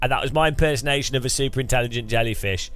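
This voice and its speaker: A man's voice: mid-range voice, very fast, a bit bright, clear, resonant tone. A man streaming a game and chatting casually, rambling and joking, with frequent laughs. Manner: rambling, jokey, laughs often. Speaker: gaming streamer. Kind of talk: casual live-stream chat.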